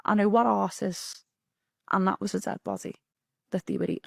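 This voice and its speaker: A woman's voice: medium pitch, brisk, gravelly, no room sound, clean studio sound. Swearing Scouse woman telling a story. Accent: Liverpool (Scouse). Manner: animated, swearing, rambling. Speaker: interview guest telling a story. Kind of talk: casual storytelling.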